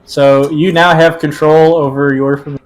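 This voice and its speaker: A man as game master of a tabletop game, talking casually, cursing freely and filling pauses with "uh" and "um". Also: fairly high pitch, level tone, rough recording. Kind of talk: running a tabletop game over voice chat.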